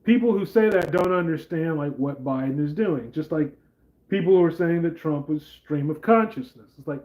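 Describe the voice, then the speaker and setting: A man's voice: on the high side, lively intonation, moderate pace, dull audio. A man hosting a casual political commentary vlog, talking in a rambling, conversational way with lots of fillers. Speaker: channel host.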